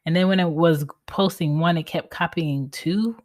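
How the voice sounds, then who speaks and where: A woman's voice: on the low side, steady tone, moderate pace, a little mellow. A woman in her thirties hosting a casual solo podcast from home, talking candidly and bluntly and swearing freely. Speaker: podcast host.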